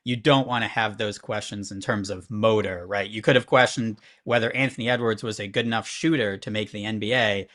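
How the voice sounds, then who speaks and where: A man's voice: fairly low pitch, fairly even intonation, a little fast, hardly any pauses, fairly bright tone. A man working as a sports betting analyst, explaining at length and thinking aloud, often checking in with "right?". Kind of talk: conversational analysis.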